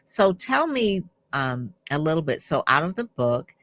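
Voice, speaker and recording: A woman's voice: sits low, sing-song, unhurried, a bit bright. A woman hosting an interview show, chatty and affirming, who often agrees and reacts with enthusiasm. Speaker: host. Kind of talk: interview conversation.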